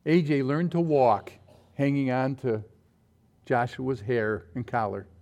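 Delivering a sermon slowly in a medium-pitched voice, a man shares personal stories with animation. His voice leaps abruptly as he acts out quotations.

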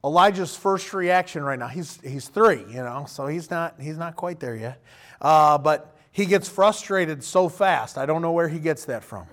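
Pastor, man in his thirties with a high-pitched voice; relaxed, conversational sermon delivery that slips into quoted voices. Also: normal speed.

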